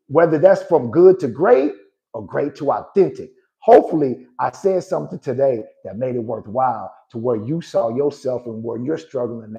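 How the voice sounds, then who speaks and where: A man's voice: medium pitch, warm tone, poor audio. A man in his forties, a life coach hosting a motivational live talk, emphatic and preachy, often checking in with his listeners. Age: 40s. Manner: emphatic and preachy, tags lines with "right?" and "good people".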